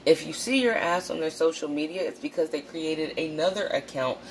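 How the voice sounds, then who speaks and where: A woman with a low, deep voice talks to camera in a casual vlog. She is blunt and profane and jumps into animated, louder quotes. A faint hum of noise sits behind her. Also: fairly quick. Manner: animated, acts out quotes in a raised voice. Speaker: channel host.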